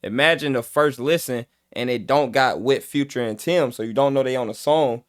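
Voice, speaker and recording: A man hosting a casual music reaction, explaining lyrics in an animated way and mimicking how teenagers talk. He is a father who coaches youth. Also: medium pitch, normal speed. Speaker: reaction video host.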